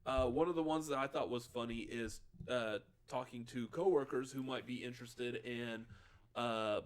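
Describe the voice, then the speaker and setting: A man from Texas co-hosting a casual movie podcast. He is tired and a bit giddy, and he tells animated stories with quoted voices. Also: medium pitch, normal speed. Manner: animated storyteller, acts out quoted voices, laughs often. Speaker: podcast co-host. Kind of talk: casual chat.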